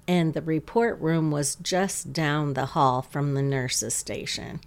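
A woman hosting a podcast, calmly telling a story about one of her patients as a nurse. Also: sits low, smooth. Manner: slow, calm, gentle storytelling.

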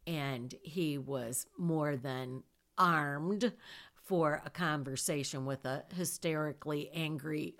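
A woman's voice: low-pitched, fairly bright tone. A woman telling a personal story about her daughter in casual speech, emphatic, with vivid asides.

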